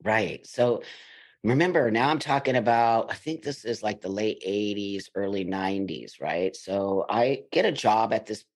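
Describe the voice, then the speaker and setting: A man's voice: lowish voice, unhurried. A middle-aged man from the United States, a podcast guest, telling his life story in blunt, emphatic conversation. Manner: emphatic, blunt, animated in retelling.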